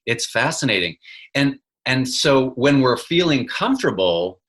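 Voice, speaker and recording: A man's voice: mid-range voice, big pitch swings, a little slow, fairly bright tone, low-quality recording. A man talks as a podcast guest and walks through his ideas earnestly, like a teacher in a classroom. He keeps checking in with his listener as he builds each point. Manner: earnest, teacherly explaining with "you know" and "right?". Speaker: guest, arts educator. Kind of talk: casual interview chat.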